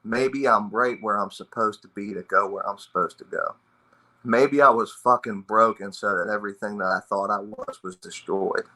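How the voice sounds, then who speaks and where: A man who is a veteran in recovery, speaking a personal testimony about addiction. His talk is raw and blunt, full of swearing and emotion. The voice sits on the low side yet sounds strikingly bright and forceful. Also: steady tone, moderate pace, low-quality recording. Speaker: military veteran in recovery sharing his story.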